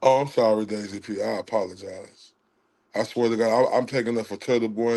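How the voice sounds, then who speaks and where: A man hosting a livestream, ranting in a heated, profane way and swinging between loud outrage and quiet apologies. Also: lowish voice, fairly even intonation, a little fast. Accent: Southern US. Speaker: livestream host.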